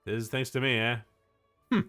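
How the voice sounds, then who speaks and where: A man streaming a video game, reacting excitably and talking to himself as he plays. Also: medium pitch, fairly quick, clean tone, soft background music. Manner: excitable, laughs often, talks to himself. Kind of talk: casual gaming commentary.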